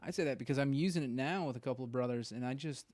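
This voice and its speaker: A man with a mid-range voice hosts a podcast interview. He asks earnest, measured questions and talks things through in careful, church-flavored phrasing. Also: medium pitch, a little mellow. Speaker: podcast host. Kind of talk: interview conversation.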